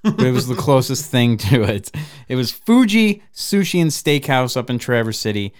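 A man hosting a podcast in loose, profane casual chat, laughing often and bursting with excitement. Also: mid-range voice, normal speed, smooth. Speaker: podcast host.

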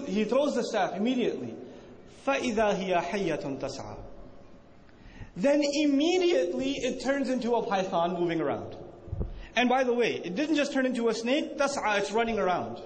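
A man with a high-pitched voice gives a religious lecture to a live audience. He keeps asking the room questions and answering them, and acts out quoted speech with rising emphasis. The recording is echoey, with faint background noise. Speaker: Islamic teacher.

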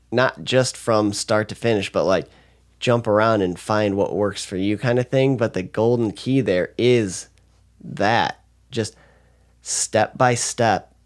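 A man's voice: lowish voice, darkish tone. A young man hosting a podcast, affectionate and reflective, and he laughs easily. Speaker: podcast host. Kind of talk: casual chat.

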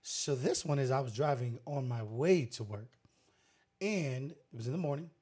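A man's voice: mid-range voice, normal speed, darkish tone, slightly rough. A man co-hosting a podcast, telling stories energetically in casual chat, laughing often. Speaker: podcast co-host.

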